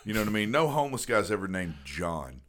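A man's voice: on the low side, big pitch swings, fast, fairly bright tone. A man in his thirties from Tennessee, a podcast host telling a rambling, profane story. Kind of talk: casual storytelling.

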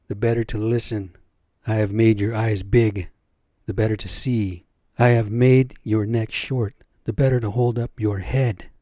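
A man's voice: on the low side, dark tone, dry recording, studio quality, close to an everyday voice. A man voicing a stern, busy male creator spirit in a spoken storybook tale, commanding and clipped.

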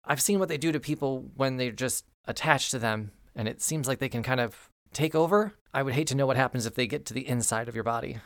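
A man's voice: mid-range voice, quick pace, few pauses, a bit bright, dry recording, lightly acted. A man voicing a helpful talking river fish who guides travelers, speaking casually and easily. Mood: wary. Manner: casual, easygoing, folksy advice.

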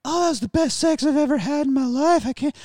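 A man's voice: extremely high pitch, quick pace, a little mellow, no room sound, clean studio sound, pitched above the performer's own voice. A man putting on the voice of a gushing, swooning young woman lying in bed.

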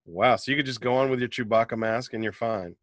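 A man's voice: mid-range voice, fast, a bit bright, no echo. A man hosting a casual chat, riffing playfully and asking questions.

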